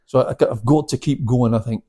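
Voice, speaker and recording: A man's voice: mid-range voice, fairly quick, mellow. A man in his seventies, a karate instructor, telling stories in a casual interview, chatty and laughing, with many restarts. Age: 70s.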